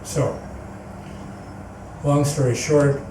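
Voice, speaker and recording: A man's voice: mid-range voice, fairly even intonation, drawn-out words. A man giving a personal storytelling talk as guest speaker at a spiritual center, earnest and rambling, often restarting his sentences. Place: meeting hall, indoors. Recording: echoey hall, distant mic, background noise.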